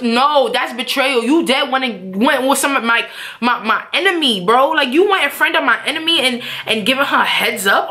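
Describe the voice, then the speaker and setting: Animated young New woman vlogger. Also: high voice, normal speed. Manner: animated, cursing, acts out quotes. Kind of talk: casual storytime monologue.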